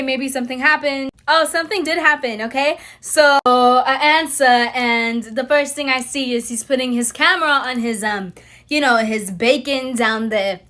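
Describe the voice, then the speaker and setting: A woman's voice: high-pitched, bright, forceful tone. A woman chatting through a story time, giggling often as she tells it.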